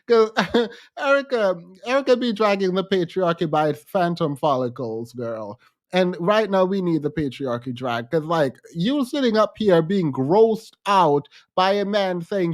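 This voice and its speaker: A man hosting a livestream, commenting with animated, incredulous rhetorical questions and repetition. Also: high-pitched, measured pace. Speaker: podcast host.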